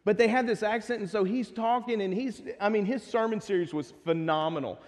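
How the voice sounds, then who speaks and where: High-voiced Texan pastor, joking, in a hall. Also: male voice, fairly quick, a little mellow. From Texas. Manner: conversational and joking, with asides to the congregation. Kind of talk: casual sermon. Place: church sanctuary. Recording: long hall reverb.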